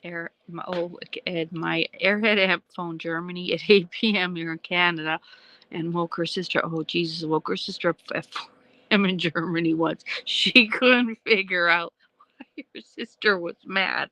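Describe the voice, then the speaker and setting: A woman's voice: on the low side, fairly even intonation, normal speed, bright, forceful tone, no echo, poor audio. A woman hosting a casual livestream, rambling chattily at night from home and answering viewers' comments. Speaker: livestream host.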